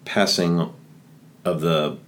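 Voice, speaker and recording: A man with a very low voice co-hosting a relaxed podcast chat. He talks in an enthusiastic, reflective way. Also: slow pace. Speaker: podcast co-host. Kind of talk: casual podcast discussion.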